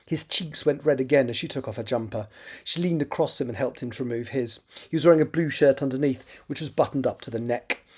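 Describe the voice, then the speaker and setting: A man's voice: medium pitch, darkish tone. Man reading his draft, wry asides. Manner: self-correcting, wry muttered asides. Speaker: writer.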